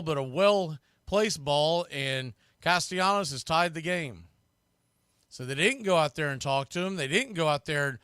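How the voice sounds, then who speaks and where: A man hosting fan play-by-play, rambling through opinionated asides between pitches on a close mic. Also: fairly bright tone, dry recording. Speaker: host and play-by-play announcer.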